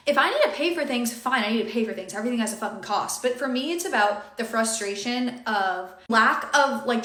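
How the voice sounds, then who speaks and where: A woman with a slightly high voice vents her aggravation in a casual vlog rant. Her frustrated words ring in an echoey room. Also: a bit bright.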